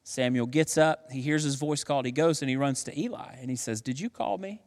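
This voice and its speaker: A man in his thirties preaching a sermon as pastor, telling stories with animated acted voices. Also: medium pitch, fairly quick. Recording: long hall reverb.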